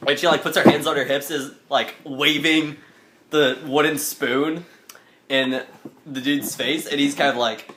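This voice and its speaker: A man's voice: a little high, steady tone, moderate pace, a bit bright, a little hiss or hum. A man narrating as game master in a loose, laughing style full of fillers.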